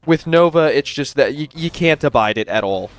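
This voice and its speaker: A man's voice: fairly high pitch, expressive, normal speed. A man commentating on a live stream in an indignant, explanatory way.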